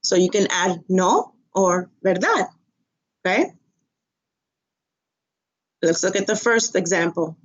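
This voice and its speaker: A woman's voice: lowish voice, slow pace, long pauses. A woman teaching an online Spanish lesson, patient and methodical, repeating phrases and stressing the rise of a question. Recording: dull lo-fi audio.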